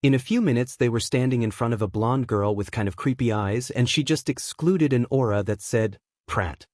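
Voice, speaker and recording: A man narrating a fan fiction story in an even, plain reading style. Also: medium pitch, fairly quick, dry recording, clean studio sound. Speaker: fanfic narrator. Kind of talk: scripted narration.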